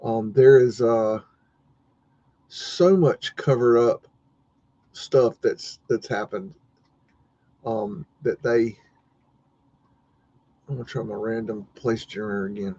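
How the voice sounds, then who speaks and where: A podcast co-host, a man with a mellow, medium-pitched voice, chats casually on a livestream while browsing maps. He speaks slowly with long pauses and sounds hesitant, full of fillers and restarts. The stream audio is dull and lo-fi.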